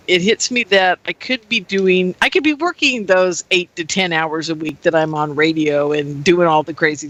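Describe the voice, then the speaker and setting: A woman radio host talking in a rambling, animated way, laughing often as she speaks to her listeners. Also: medium pitch, dry recording, low-quality recording. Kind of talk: casual personal monologue.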